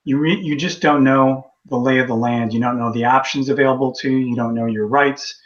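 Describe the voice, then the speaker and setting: A man from Texas who is a guest appraiser explains his points in a steady way. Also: medium pitch, a little fast. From Texas, USA. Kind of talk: casual webinar talk. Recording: dull, lo-fi audio.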